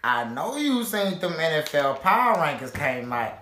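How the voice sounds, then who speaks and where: A man's voice: on the high side, big pitch swings, normal speed, sharp tone, a little hiss or hum. A man co-hosting a podcast, joking and trash-talking in brash, profane casual chat. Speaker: podcast co-host.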